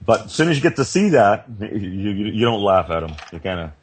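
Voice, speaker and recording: A man's voice: fairly low pitch, big pitch swings, a little fast, slight background noise. A man co-hosting a casual radio talk show, laid-back and blunt, swearing and laughing.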